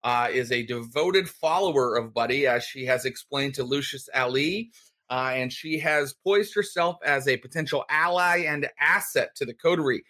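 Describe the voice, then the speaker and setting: A man's voice: mid-range voice, moderate pace, pushed and bright. A man hosting and recapping a tabletop vampire game as storyteller, chatty with many fillers. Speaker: storyteller, host.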